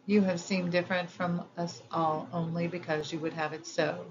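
A woman's voice: lowish voice, flat delivery, normal speed, muffled recording, crowd noise, lightly acted. A woman reading the lines of a young fairy prince in a storybook, eager and exclaiming. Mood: tender.

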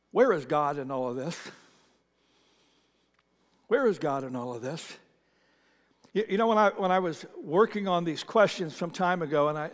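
A man preaching a sermon as pastor, conversational, often repeating words and swinging between loud emphasis and quiet asides. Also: on the high side, long reverb tail. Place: church sanctuary.

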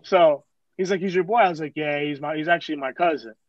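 Man, storyteller, high voice, profane slangy animated talk, dry sound. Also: fast, no room sound, lo-fi sound. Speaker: storyteller host. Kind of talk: casual storytelling.

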